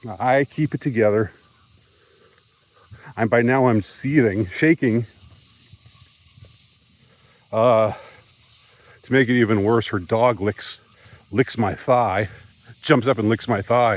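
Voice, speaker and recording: A man speaks straight to camera in a rambling, agitated rant. His voice sits at an ordinary middle pitch, and he often stops and restarts his sentences as he works himself up. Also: low-quality recording. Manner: agitated, halting, repeats himself. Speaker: vlogger. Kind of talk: ranting monologue to camera.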